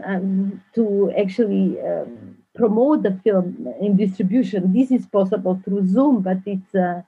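Halting woman director on a tinny call. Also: medium pitch, breathy edge. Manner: halting, searching for words, animated storytelling. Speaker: film director, guest. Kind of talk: interview over video call. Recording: tinny phone-like call audio.

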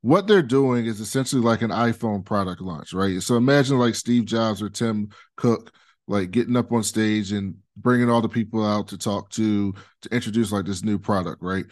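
A man's voice: on the low side, moderate pace. A man co-hosting a podcast, casually recapping a TV episode in a loose, rambling way with many fillers. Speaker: podcast co-host.

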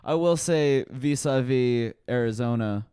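A man, a comedian, chatting casually on a podcast, talking in halting restarts with swearing. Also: medium pitch, warm tone, clear, resonant tone, no room sound, clean studio sound. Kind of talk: casual chat.

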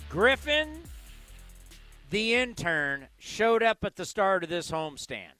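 Bright high-voiced sarcastic radio host man. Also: sing-song, faint music behind. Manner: playful, sarcastic, drawn-out delivery. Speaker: radio talk show host. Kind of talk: sports call-in radio banter.

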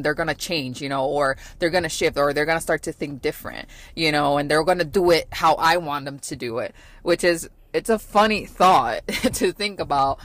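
A woman's voice: deep voice, fairly bright tone, no room sound. A woman in her thirties hosting a podcast, talking about parenting in a casual, reflective way, earnest, with many fillers and repeats. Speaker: podcast host.

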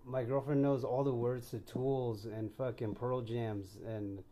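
A man's voice: medium pitch, flat delivery, unhurried, warm tone. A young man co-hosting a podcast, laid-back and profane, calling his partner dude in casual chat. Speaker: podcast co-host.

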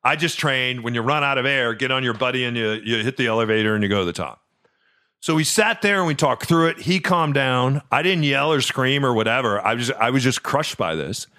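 A middle-aged man hosting a podcast, telling a personal story in a chatty way, stumbling over repeated words and dropping soft and low at the tender parts. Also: lively intonation, fairly quick. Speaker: podcast host. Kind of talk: casual storytelling.

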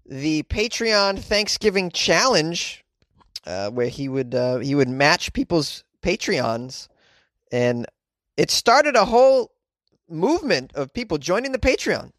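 A man's voice: fairly high pitch, expressive, measured pace, a bit bright, no room sound, studio quality. A man hosting a podcast, reading news stories aloud and riffing on them with sarcastic, rambling asides and casual swearing. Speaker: podcast host.

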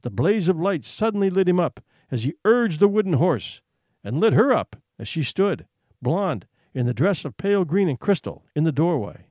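Expressive male storyteller, dry close sound. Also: fairly high pitch, dry recording. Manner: expressive, builds suspense with hushed pauses. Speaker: narrator. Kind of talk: dramatic story reading.

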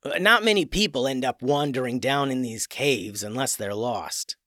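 A man's voice: mid-range voice, normal speed, no room sound, clean studio sound, lightly acted. Valentino, a shy young cave troll, voiced by a man. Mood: timid, gentle. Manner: hesitant, gentle, with filler sounds.

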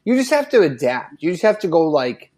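A man from northwest Indiana rambling through a casual podcast chat. His pitch swings widely as he acts out both sides of little dialogues in slangy, loose talk. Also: very animated, brisk, darkish tone. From northwest Indiana, near Chicago. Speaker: podcast co-host.

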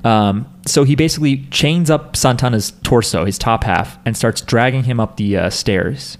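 A man's voice: medium pitch, moderate pace. A man casually recapping an episode on a podcast, rambling with lots of filler words. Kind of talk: casual chat.

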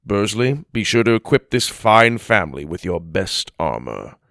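A wise, measured storybook ambassador, voiced by a male narrator. His low voice is gravelly and rises and falls with lively inflection. The sound is close and dry. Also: dry recording. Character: calm, wise human ambassador to fairies.

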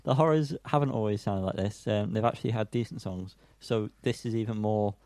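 A man's voice: lowish voice, fairly quick, dark tone, no room sound. A young man co-hosting a podcast, rambling and joking about songs in a self-deprecating way. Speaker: podcast co-host. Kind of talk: casual music review chat.

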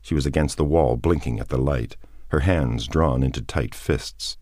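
A man narrating an audiobook in a measured, expressive reading. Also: extremely low pitch, no echo, clean studio sound. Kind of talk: scripted narration.

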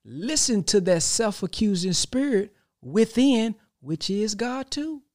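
A man preaches in a loose, conversational way, full of everyday examples and rhetorical questions. His voice sits slightly high for a man, and he leans hard on key words. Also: expressive, slow, a little mellow. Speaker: podcast host giving a spiritual talk. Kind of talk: spiritual talk, casual preaching.

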